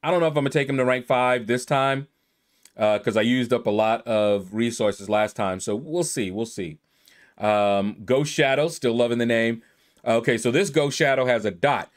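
A man's voice: medium pitch, normal speed. Laid-back man reading out a leaderboard. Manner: relaxed, drawls and plays with player names. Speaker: gaming YouTuber. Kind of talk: casual commentary reading a leaderboard.

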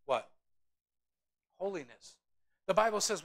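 A pastor preaching a sermon with a gravelly, bright voice that swings widely up and down. He is animated and jokes with the congregation between points, his pitch sitting a little high for a man. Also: normal speed, pauses often. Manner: animated, humorous asides to the congregation.

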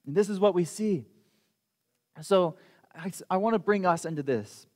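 A young man preaches in a church with a slightly high voice, talking to the congregation in an easy, earnest way and pausing to read scripture. His voice carries a long reverb from the large room. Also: darkish tone. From United States. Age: young adult. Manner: conversational, earnest, reads scripture aloud. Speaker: student preacher. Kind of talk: sermon. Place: church sanctuary.

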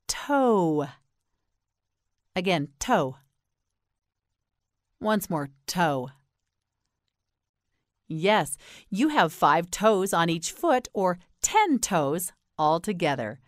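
An American woman teaching English pronunciation in a slow, scripted lesson, patiently repeating each word and encouraging the learner. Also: fairly low pitch, very animated, no room sound, studio quality.

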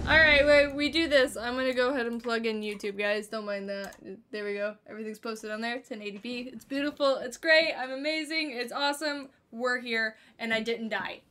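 A woman streamer giving excitable, foul-mouthed commentary to her viewers while playing a game. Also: fairly high pitch, normal speed, noisy background. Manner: excitable, swears freely, talks to her viewers. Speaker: gaming streamer. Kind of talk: let's play commentary. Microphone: headset or desk mic.

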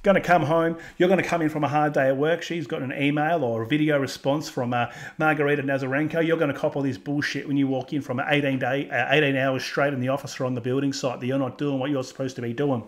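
A man's voice: medium pitch, fairly even intonation, quick pace, few pauses. A man with an Australian accent hosts a reaction video and delivers a crude, sarcastic, heated rant. He swears constantly and talks straight to his viewers. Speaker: commentary channel host.

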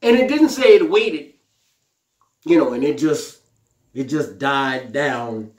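A man's voice: medium pitch, lively intonation, takes it slowly, a little mellow, echoey room. A man preaching a sermon with fervent exclamations, repeating his lines and acting out the scripture in a pleading voice. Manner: paraphrases the scripture aloud in a pleading voice.

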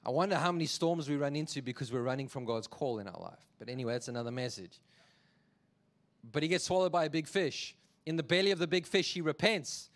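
A man preaching a sermon as a pastor, telling the story in an animated, jokey way. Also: a little high, quick pace.

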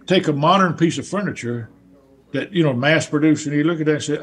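A man's voice: on the high side, quick pace. A man with a Southern US accent, a guest in an interview, telling stories in a rambling way and restarting his words often. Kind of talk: casual storytelling conversation.

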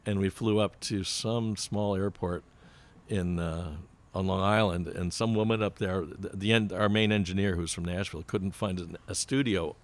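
Low-voiced older man telling stories. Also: steady tone, normal speed. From United States. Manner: rambling anecdotes, laughs often. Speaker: podcast guest, banjo player. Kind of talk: casual storytelling.

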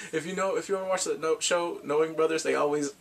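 A man casually recapping a TV drama with animated, laughing storytelling. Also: a little high, fast, gravelly. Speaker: drama reviewer.

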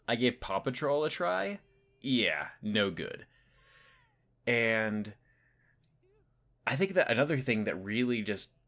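A young man hosting a video, giving casual spoken commentary that rambles with lots of "like" and "you know" and swoops up and down in pitch. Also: fairly bright tone. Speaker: video host.

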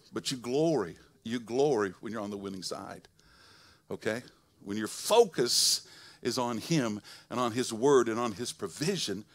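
A middle-aged male pastor preaching a sermon in a folksy, conversational way, swinging between loud preaching and soft asides. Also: on the low side, creaky, no room sound. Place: church sanctuary.

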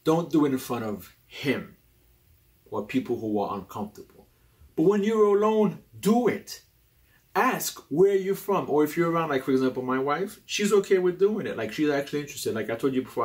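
A young adult man hosting a casual talk about personality types, animated and rambling, often restarting his sentences. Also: fairly quick. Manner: animated and rambling, with many restarts and sudden jumps in pitch. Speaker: host.

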